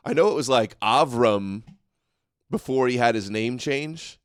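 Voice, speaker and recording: A man's voice: mid-range voice, expressive, unhurried, clear, resonant tone, dry recording, clean studio sound. A man hosting a livestream, commenting sarcastically on clips and reading out donations. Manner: sarcastic, mocking, laughs often. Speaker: host.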